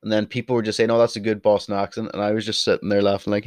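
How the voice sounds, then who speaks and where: A man's voice: fairly low pitch, level tone, very fast, few pauses, a little mellow, no echo. Chatty Irish man, dry close sound. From Ireland. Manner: chatty, blunt, swears, wanders off topic. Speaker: vlogger. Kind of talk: casual rambling monologue. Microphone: desk mic, sometimes turns away from it.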